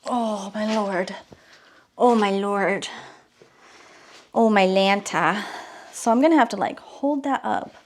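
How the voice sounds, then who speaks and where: A woman talking casually to her viewers in a vlog, excitable and gushing, with nervous exclamations. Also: medium pitch, takes it slowly, long pauses. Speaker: vlogger. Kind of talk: casual unboxing vlog talk.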